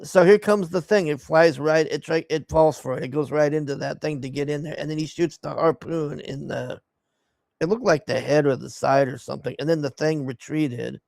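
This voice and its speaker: A man's voice: fairly high pitch, moderate pace, gravelly, a little mellow, no echo, clean studio sound. A man giving a profane, exasperated recap of a movie he hated, scornful of its plot. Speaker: movie reviewer. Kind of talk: casual ranting movie recap.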